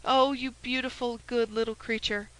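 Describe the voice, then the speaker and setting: A woman voicing a cunning, scheming woman who speaks with a smooth, falsely sweet warmth. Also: on the high side, steady tone, moderate pace, natural voice, poor audio.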